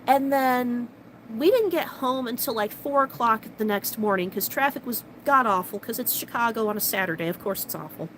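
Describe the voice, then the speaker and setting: Woman vlogger telling a story, sarcastic, talks in quick bursts, slightly high voice. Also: a little hiss or hum, low-quality recording. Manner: animated, sarcastic, fast bursts of talk. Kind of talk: personal storytelling to camera.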